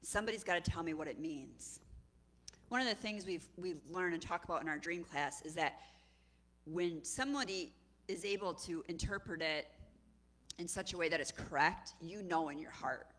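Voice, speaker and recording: Bright-voiced woman preaching animatedly. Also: lowish voice, normal speed. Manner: animated, conversational storytelling with acted voices. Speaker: executive director and preacher. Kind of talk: sermon.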